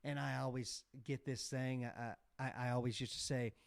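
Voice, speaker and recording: A man in his forties, a podcast guest telling candid stories in casual interview talk and growing animated as he recalls events. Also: medium pitch, moderate pace, creaky, few pauses, dry recording, clean studio sound. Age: 40s. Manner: candid storytelling, animated when retelling a scene. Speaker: podcast guest, motocross team owner.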